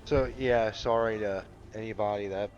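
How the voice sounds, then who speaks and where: A man's voice: fairly low pitch, fairly even intonation, moderate pace, highs cut off. A man chatting casually over a game playthrough, rambling with lots of fillers and swearing. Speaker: gamer commentating a playthrough.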